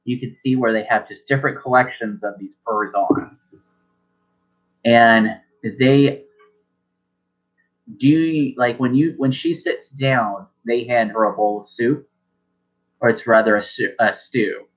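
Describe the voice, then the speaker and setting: A man's voice: medium pitch, steady tone, slow pace, long pauses. A man running a tabletop game as game master, narrating loosely with many fillers. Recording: dull lo-fi sound.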